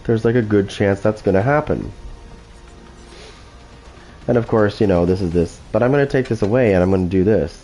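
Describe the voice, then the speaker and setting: A man's voice: lowish voice, normal speed, pauses often, mellow, soft background music, rough recording. A man hosting gameplay commentary, taunting opponents with constant profane trash talk. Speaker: gaming channel host.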